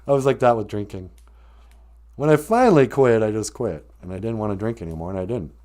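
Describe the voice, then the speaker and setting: A man's voice: lowish voice, animated, fairly quick, a little mellow. A man hosting a live stream, talking casually and joking with frequent laughs. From Ojibwe reservation, US. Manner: joking, rambling, laughs often. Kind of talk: comedic live-stream chat.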